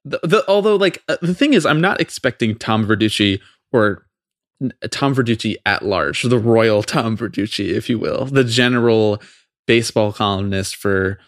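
A man's voice: fairly low pitch, dry recording, clean studio sound. Profane, fired-up man ranting on a podcast. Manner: fast, profane, exasperated ranting. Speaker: podcast co-host. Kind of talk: heated casual podcast rant.

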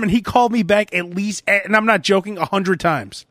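A high-pitched man with a bright, forceful voice hosts a casual podcast chat. He tells animated stories, acting out both sides of phone calls and sometimes breaking into loud shouts. The recording is dry and close. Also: fast talker, dry recording. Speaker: podcast host.

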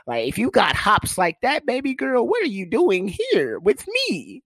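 A young man telling a comic story in casual, profane talk, with sudden jumps to high pitch for quoted people. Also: huge pitch swings, moderate pace, fairly bright tone, slightly rough, no echo.

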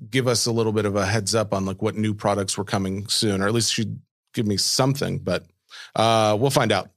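A man co-hosting a casual card-collecting podcast, reading listener questions aloud with loose, pausing delivery. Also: lowish voice, vocal fry, no room sound, clean studio sound. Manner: relaxed, reads listener questions with filler pauses. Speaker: podcast co-host reading mailbag. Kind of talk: casual chat.

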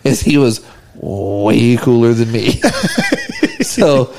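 A man's voice: mid-range voice, slow pace, creaky, darkish tone. A man co-hosting a podcast, telling profane, laughing anecdotes in casual chat. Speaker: podcast co-host.

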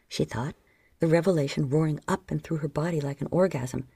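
Low, gravelly woman narrating softly. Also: fairly quick, no echo. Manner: soft, frequently dropping into whispers. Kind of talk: audiobook narration of an erotic story.

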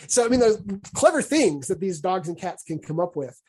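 A man's voice: sits high, big pitch swings, moderate pace, a little mellow, slightly rough. A man hosting a podcast, explaining ideas in a casual discussion and often restarting and repeating words as he thinks aloud. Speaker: podcast host.

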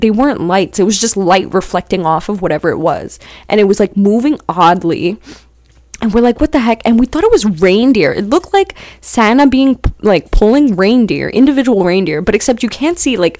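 A young woman hosting a podcast, telling a story casually, rambling and saying "like" all the time, getting animated when she quotes herself. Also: medium pitch, no echo, studio quality. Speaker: podcast host.

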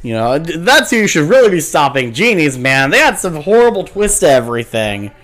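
A man co-hosting a podcast, animatedly retelling cartoon plots in casual chat. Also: on the high side. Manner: animated retelling, puts on quick voices. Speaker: podcast co-host.

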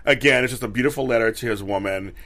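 A woman's voice: very deep voice, quick pace, a bit bright. An older woman with grandkids, co-hosting a casual chat about a TV show, emotional and prone to repeating herself. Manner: emotional, repetitive, gushing. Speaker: podcast co-host.

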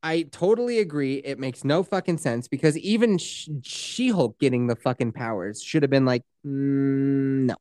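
A podcast co-host in a casual recap chat, retelling scenes in a profane, animated way and slipping into quoted voices. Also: medium pitch, moderate pace, hardly any pauses, dry recording, clean studio sound.

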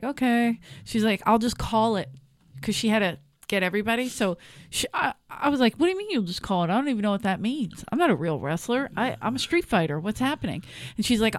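A woman in her forties with a smooth, clear voice, hosting a relaxed podcast. She tells her stories with a lively delivery, laughs often and plays out other people's lines. The sound is close and dry. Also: medium pitch, no room sound. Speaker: podcast host. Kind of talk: casual podcast chat.

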